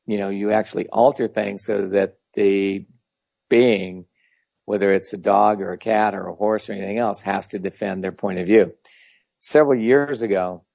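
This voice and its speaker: A man's voice: fairly low pitch, creaky, darkish tone, no echo. A man giving a casual, rambling talk as a spiritual teacher, blunt and full of anecdotes. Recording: dull lo-fi audio.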